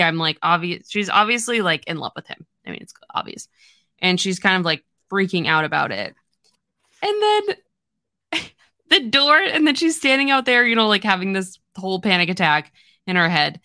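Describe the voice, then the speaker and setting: A woman co-hosting a book podcast in a relaxed, casual chat. Her voice is bright and forward, recorded close and dry. She retells scenes eagerly, filling them with "like" and little acted-out lines. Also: mid-range voice, normal speed, no room sound. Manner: animated retelling of scenes, lots of "like".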